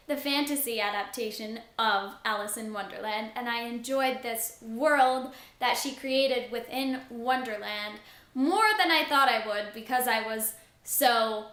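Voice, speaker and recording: A young woman vlogging a casual book review, excitable and gushing, often saying "like". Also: fairly high pitch, measured pace, roomy sound.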